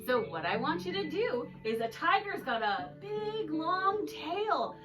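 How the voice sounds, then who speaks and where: A woman's voice: high voice, sing-song, measured pace. A woman leading a kids yoga class, playful and sing-song as she guides the poses. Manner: playful, sing-song storytelling with animal sounds. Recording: distant mic with loud background music.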